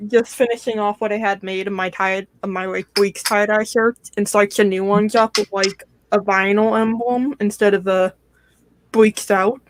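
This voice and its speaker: A woman's voice: medium pitch, steady tone, moderate pace. A woman chatting casually on a hobby livestream with a dry, joking manner.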